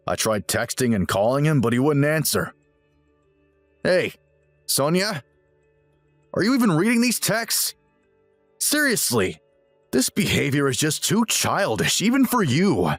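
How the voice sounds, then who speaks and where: A man's voice: on the high side, sing-song, measured pace, long pauses, no room sound, faint music behind, pitched above the performer's own voice. Guy voicing a self-righteous young husband, lecturing, text-story drama, dry close mic. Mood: irritated.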